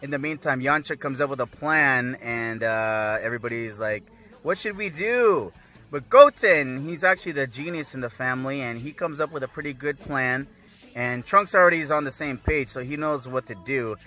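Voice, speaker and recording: Recapping an anime episode in a loose, rambling way, this male reviewer laughs a lot and performs the characters' lines with excitement. His voice is mid-range, at a moderate pace.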